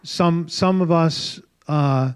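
Calm male host, dry close sound. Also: on the high side, slow pace, smooth, dry recording. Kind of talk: reflective interview talk.

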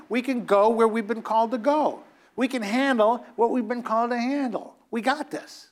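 A man preaching a sermon, emphatic and exhorting, scolding his listeners and acting out the people he quotes. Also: on the high side.

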